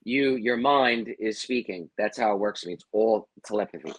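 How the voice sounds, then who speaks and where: A middle-aged man, a firefighter and psychic, telling his story casually as an interview guest, animated and acting out quotes. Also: on the low side, moderate pace, low-quality recording. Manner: animated, acts out quotes, says "man" and "you know what I mean".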